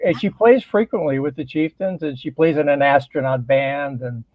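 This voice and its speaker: A man's voice: on the high side, moderate pace, no echo, highs cut off. A man, co-host of a podcast, chatting as a guest and telling stories with frequent restarts. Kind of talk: casual interview chat.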